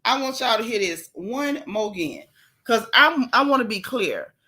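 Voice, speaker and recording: A sassy woman from Central Florida hosts a live gossip stream, blunt and outspoken as she talks straight to her chat. Her voice sits a little high and sounds bright and sharp. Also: lively intonation, moderate pace. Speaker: livestream gossip host.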